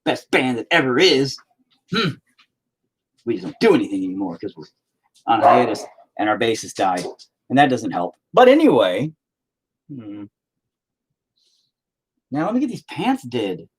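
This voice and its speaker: A man's voice: mid-range voice, sing-song, unhurried, pauses often, breathy edge. A middle-aged man chatting casually on his vlog, rambling, swearing and sarcastic. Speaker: vlogger, band vocalist.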